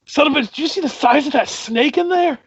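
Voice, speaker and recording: A man's voice: very high-pitched, fairly quick, no echo, lo-fi sound, pitched above the performer's own voice. A man voicing a startled, crude male guard who calls out from outside, as part of a tabletop game. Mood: astonished.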